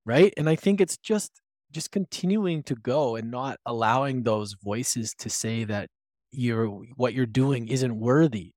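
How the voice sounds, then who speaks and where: A man's voice: medium pitch, a little slow, darkish tone, no room sound, studio quality. A man hosting a podcast, enthusiastic and affirming, asking his guest questions. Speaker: podcast host. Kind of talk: casual podcast conversation.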